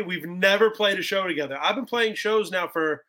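A young man in his twenties with a high, bright voice. He chats excitably as a podcast guest and scatters "bro" and "like" everywhere. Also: a little fast, few pauses. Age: 20s. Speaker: guest musician. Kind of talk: casual podcast chat.

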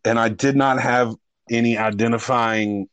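A man's voice: mid-range voice, fairly even intonation, moderate pace, background noise. A man co-hosting a podcast, telling a long rambling story with lots of swearing and restarts. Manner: rambling, profane, restarts often. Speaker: podcast co-host. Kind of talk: casual storytelling chat.

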